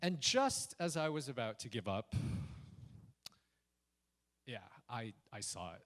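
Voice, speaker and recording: A man telling a personal story on stage at a speaker event, animated and acting out the lines he quotes. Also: mid-range voice, slow pace. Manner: animated, acts out quoted lines in shifting voices. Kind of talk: live storytelling talk.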